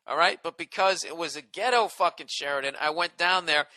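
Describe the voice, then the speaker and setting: A man's voice: a little high, brisk, pushed and bright, no echo. Profane, sarcastic man telling a story. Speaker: comedian podcast host. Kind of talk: comedic storytelling rant.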